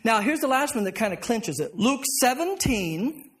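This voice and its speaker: A pastor with a high-pitched voice leads a Bible study in a church classroom. He reads scripture aloud and keeps tossing questions to his listeners before answering them himself. He sounds middle-aged. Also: sing-song, moderate pace.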